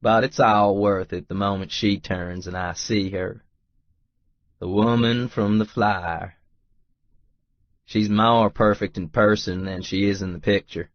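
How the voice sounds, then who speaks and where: A man narrating a first-person romance audiobook in a measured, unhurried way. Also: lowish voice, steady tone, dry recording, highs cut off.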